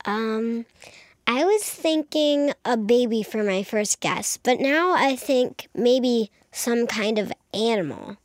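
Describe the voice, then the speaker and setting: A woman's voice: fairly high pitch, expressive, slow pace, no room sound, clean studio sound. A woman co-hosting a children's science show, speaking in a thoughtful way. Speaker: co-host.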